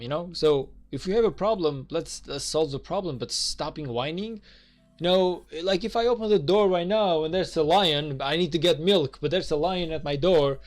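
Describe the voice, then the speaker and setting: Exasperated rambling male game streamer. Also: on the high side. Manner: exasperated, rambling, swears, many fillers. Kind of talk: casual gameplay commentary.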